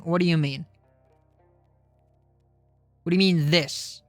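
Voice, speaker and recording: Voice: medium pitch, steady tone, takes it slowly, pauses often, dry recording. A game streamer chatting live with viewers, loose and profane, who often laughs at their own rambling. The voice sits mid-range, recorded dry and close, with faint music underneath. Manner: profane, self-deprecating, rambling. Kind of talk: casual live-stream chat while gaming.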